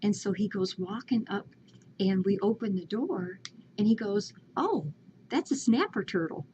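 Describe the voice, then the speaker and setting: A woman's voice: mid-range voice, animated, measured pace, mellow, slight background noise. A woman animatedly retelling a story in casual chat, laughing often. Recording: lo-fi home video with faint ambience.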